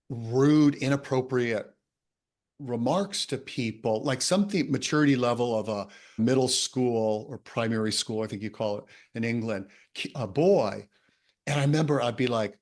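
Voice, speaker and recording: A man tells a workplace story in a relaxed conversation. His voice sits at a middle pitch. He is animated and laughs often while he talks. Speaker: coach and author.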